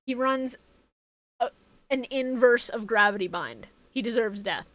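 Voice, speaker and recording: A woman's voice: on the high side, expressive, unhurried, fairly bright tone, no room sound, poor audio. A woman co-hosting a casual podcast, sarcastic, swearing freely and laughing often as she recaps an episode. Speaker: podcast co-host.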